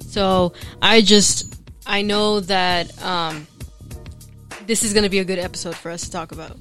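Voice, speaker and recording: A woman's voice: mid-range voice, steady tone, moderate pace, a bit bright, faint music behind. A woman co-hosting a casual podcast, friendly and reflective, greeting listeners with y'all. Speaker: podcast co-host.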